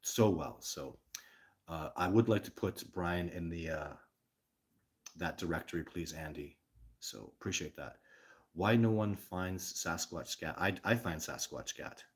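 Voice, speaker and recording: A man with a low voice hosts a casual live stream and answers viewer questions one after another. He tells his stories earnestly and plays out both sides of each conversation himself. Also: expressive, unhurried.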